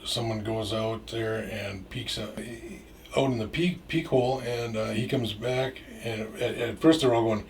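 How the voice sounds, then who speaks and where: Middle-aged man, low voice, rambling storyteller, loose and profane, recorded at a distance. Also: a little slow. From Minnesota. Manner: rambling, many restarts and fillers, swears freely. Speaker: storyteller guest. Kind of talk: casual anecdote. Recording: distant mic with faint noise.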